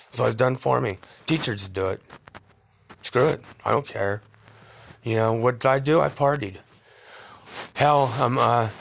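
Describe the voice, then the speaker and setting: Gravelly man rambling through old stories. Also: mid-range voice. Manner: rambling, laughs at own stories, swears freely. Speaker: podcast storyteller. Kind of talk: casual spoken memoir.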